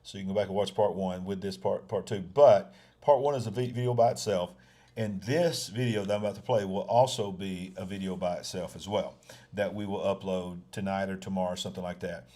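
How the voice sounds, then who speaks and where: Man, low-pitched, folksy host, repeats himself, talks straight to viewers. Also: steady tone, brisk, dark tone. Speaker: host of a live news show. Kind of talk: casual live-stream talk.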